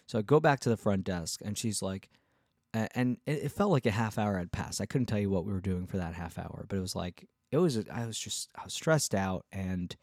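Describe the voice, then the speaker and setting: A young man with a low voice, recorded close and dry, tells a casual road story. He rambles, restarts his sentences often and acts out the lines of the people he met. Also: animated, brisk, darkish tone, no echo. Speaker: touring musician and podcast host.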